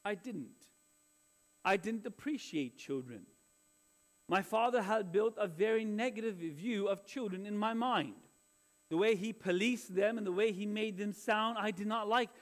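High-voiced man preaching earnestly. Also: normal speed. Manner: earnest, confessional preaching with many restarts. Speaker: pastor. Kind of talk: sermon.

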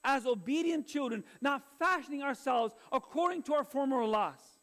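A man's voice: extremely high pitch, moderate pace, a bit bright. A middle-aged male pastor preaching a sermon in an earnest, confessional way, often restarting his phrases.

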